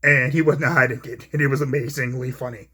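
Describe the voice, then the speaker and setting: A man's voice: medium pitch, fairly even intonation, brisk, pushed and bright, husky. A man giving casual wrestling commentary, rambling and profane with many fillers.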